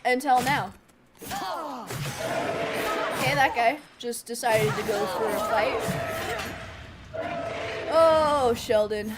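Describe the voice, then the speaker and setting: A high-voiced woman streams a game in an easygoing, unhurried way, breaking into exclamations and laughter. Game sounds come through clearly under her voice. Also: a loud crowd, heavy background noise. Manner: animated, exclamatory, laughs often. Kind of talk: casual gaming commentary.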